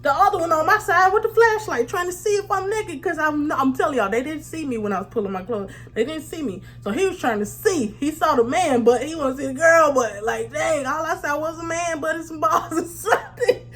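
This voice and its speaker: A woman vlogger telling a funny story in a slangy, animated way, often breaking into laughs. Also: sits high, moderate pace. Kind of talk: storytime vlog.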